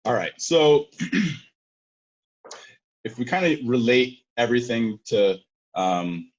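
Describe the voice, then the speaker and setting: Male guest, casual energetic talker, a bit husky, lo-fi sound. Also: medium pitch, takes it slowly. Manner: animated, filler-heavy, acts out quotes. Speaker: sales guest. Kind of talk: casual interview talk. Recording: dull lo-fi sound.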